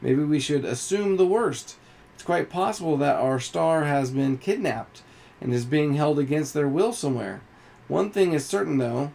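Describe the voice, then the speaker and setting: A man reads out a mysterious star calling over a loudspeaker, hesitant at first and then pleading and urgent. The voice is gravelly and sits a little higher than his usual talk. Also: moderate pace. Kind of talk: reading a game's story aloud.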